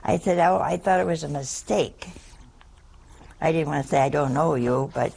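An older woman telling a personal story in a slow, wry, deliberate way. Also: deep voice, creaky, darkish tone, slight background noise.

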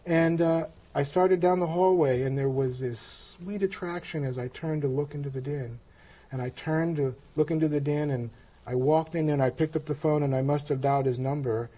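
A man telling a personal story of his spiritual experience, halting and reflective, with frequent pauses and restarts. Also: a little high, mellow, slightly rough. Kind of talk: personal testimony.

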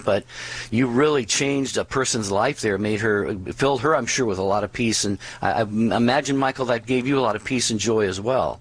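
A man's voice: mid-range voice, brisk, poor audio. A man hosting a faith talk show, reflecting on a guest's story with many fillers and restarts. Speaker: host.

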